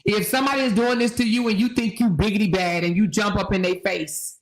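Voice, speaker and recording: A woman hosting casual commentary, talking in an animated, slangy way and laughing often. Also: mid-range voice, quick pace, low-quality recording. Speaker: host.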